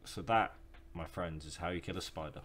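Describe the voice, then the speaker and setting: A man's voice: sits low, a little fast, fairly bright tone. A young man giving casual, profane gameplay commentary and taunting the enemies he hunts. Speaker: gaming YouTuber. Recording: music playing behind the voice.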